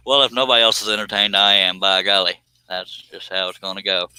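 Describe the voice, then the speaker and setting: A man's voice: deep voice, normal speed, pushed and bright, clear, resonant tone, no echo, poor audio. A man hosting a casual live stream, talking in a folksy, self-amused way and chuckling often.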